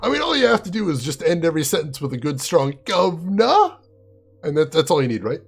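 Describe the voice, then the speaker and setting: A man's voice: fairly high pitch, lively intonation, rapid-fire, husky, soft background music. A man live-streaming a game in a chatty way, laughing often and answering viewers by name. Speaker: game streamer reading chat. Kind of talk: casual live-stream chat.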